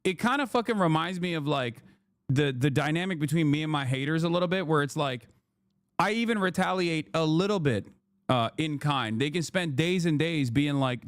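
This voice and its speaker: A man's voice: fairly high pitch, expressive, moderate pace, no room sound. A man streaming his reactions to a news clip, swearing and sarcastic, slipping into mocking voices when he quotes others. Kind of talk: casual political commentary.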